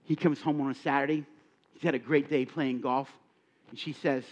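Animated preacher man, lively pitch. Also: brisk. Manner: animated, acts out dialogue, asks the audience questions. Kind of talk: sermon. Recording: dull lo-fi recording.

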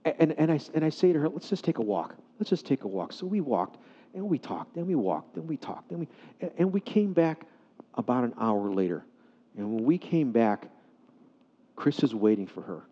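A man preaching a sermon, telling a story with animated swings between loud excitement and hushed softness. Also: medium pitch, normal speed. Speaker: pastor. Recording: dull sound in a hall with long reverb.

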